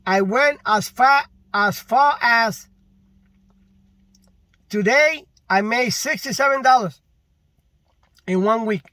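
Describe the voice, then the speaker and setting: A man's voice: very high-pitched, slow pace, long pauses, sharp tone, no room sound. A delivery driver ranting in a casual vlog, frustrated and repetitive, stressing his complaints with emphasis.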